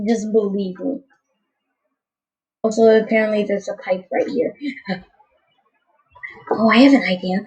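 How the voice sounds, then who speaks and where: A woman's voice: on the high side, dull audio. A woman giving casual, goofy gameplay commentary, rambling and tripping over her words.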